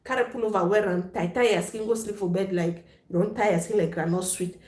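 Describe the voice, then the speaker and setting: A live chat stream host talks casually with her viewers in an echoey room. Her mid-range voice holds a steady tone, brisk and a little mellow, and she's frank and playful, laughing often and mixing Pidgin into her English.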